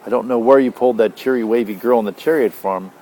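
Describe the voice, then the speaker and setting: A man's voice: medium pitch, fast, dark tone, natural voice, poor audio. A man doing a blunt sardonic mentor. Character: gruff blunt older male mentor.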